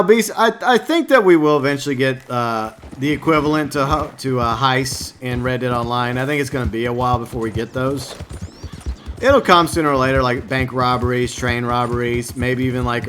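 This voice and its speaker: A man's voice: mid-range voice, fairly bright tone, a little hiss or hum. A man live-streaming a game, rambling casually and answering his viewers by name. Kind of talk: casual gameplay stream commentary.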